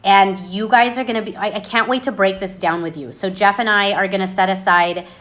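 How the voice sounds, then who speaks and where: Blunt, bright-voiced woman livestreaming. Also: medium pitch, steady tone, brisk. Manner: blunt, sarcastic, unapologetic. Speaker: livestream host. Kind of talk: casual livestream monologue. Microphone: phone.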